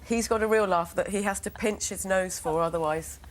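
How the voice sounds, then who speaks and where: An English woman as a guest on a TV studio sofa, telling lively anecdotes and acting out what people said. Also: medium pitch, fairly quick. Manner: lively storyteller, acts out quotes. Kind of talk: chatty showbiz interview anecdotes.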